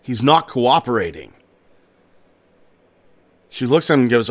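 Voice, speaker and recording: A man's voice: medium pitch, big pitch swings, measured pace. A man hosting a strange-stories podcast, telling a tale in a casual way with personal asides. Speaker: podcast host. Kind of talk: casual storytelling narration.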